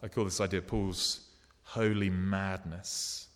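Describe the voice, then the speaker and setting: Male preacher, lowish voice, earnest and unhurried, long hall reverb. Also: fairly even intonation. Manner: earnest, unhurried, paints vivid scenes, drops soft at tender moments. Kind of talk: sermon.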